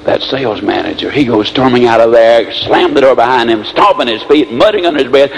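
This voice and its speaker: A man giving a motivational speech, telling stories in an animated way with big swings in pace and pitch. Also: fairly quick, hardly any pauses, slight background noise, rough recording. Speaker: motivational speaker.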